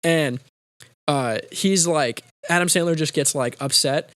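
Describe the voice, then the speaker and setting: A young man with a slightly high voice tells a long movie story in a loose, rambling way. He keeps dropping into quick character impressions. The sound is dry and close, with no room around it. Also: a bit bright, dry recording. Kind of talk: casual chat, retelling movie scenes.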